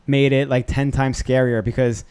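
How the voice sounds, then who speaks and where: A man's voice: mid-range voice, clean tone. A man co-hosting a podcast, talking casually, chiming in often and telling his own side of the story. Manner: quick, chimes in with agreement, relaxed storyteller. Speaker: podcast co-host. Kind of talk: casual chat.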